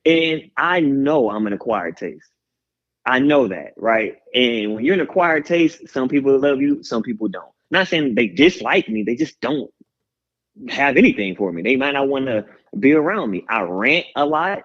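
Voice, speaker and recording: This guest musician from Houston, Texas speaks at a moderate pace in a mid-range voice. Candid and energetic in the interview, he rambles, rants and pumps people up like a hype man, all captured in slightly dull lo-fi radio sound.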